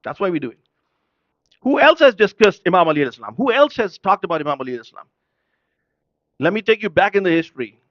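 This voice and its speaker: Fast-talking man delivering an impassioned sermon. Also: sits high, sing-song, fairly bright tone, no room sound, lo-fi sound. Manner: rhetorical questions, switches between English and Urdu. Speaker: preacher at a mourning gathering.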